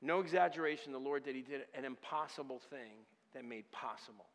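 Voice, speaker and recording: A man preaching a sermon, telling a personal story and building from quiet storytelling to loud, passionate crying out. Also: mid-range voice, fairly quick. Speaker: pastor. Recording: hall with long reverb.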